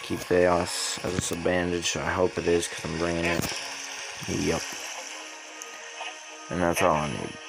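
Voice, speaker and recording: A man's voice: deep voice, fairly even intonation, a little slow, gravelly, pauses often, rough recording. A young man streaming a mobile game, muttering and swearing at it as he plays. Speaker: gaming streamer. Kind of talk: casual gameplay commentary. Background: game music.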